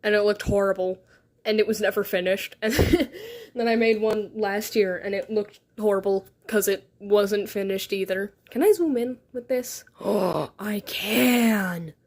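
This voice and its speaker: A woman's voice: mid-range voice, fairly even intonation, normal speed, darkish tone. Chatty giggly woman rambling on a livestream from her bedroom, phone on a tripod, mid-height voice. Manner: rambling, giggly, self-deprecating. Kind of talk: casual livestream chat. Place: her bedroom, on a beanbag chair.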